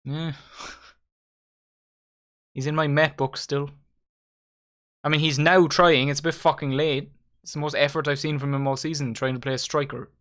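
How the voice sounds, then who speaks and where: A young man giving excitable, sweary live commentary while hosting a football watchalong. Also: fairly high pitch, moderate pace, long pauses. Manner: excitable, swearing, addresses viewers as lads. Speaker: watchalong host.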